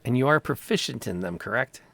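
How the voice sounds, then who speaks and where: A man running a tabletop game, narrating rain-soaked streets at an easy, descriptive pace. His voice carries a gravelly rasp and sounds close and dry, with no room around it. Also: medium pitch, a little fast, no echo. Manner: relaxed, descriptive, with small vocal sound effects. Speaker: game master. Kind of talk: narrating a tabletop game over a video call.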